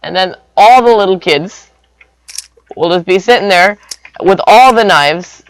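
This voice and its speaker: A man's voice: high-pitched, lively intonation, measured pace, no room sound, rough recording. A young man rambling through an improvised comic story, full of silly sound effects.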